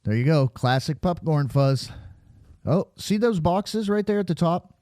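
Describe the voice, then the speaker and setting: A man's voice: a little high, expressive, a little slow, darkish tone, no echo, studio quality. Breathless man rambling over radar footage. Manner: rambling, sarcastic, preachy at times. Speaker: video creator. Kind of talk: casual commentary over weather radar footage.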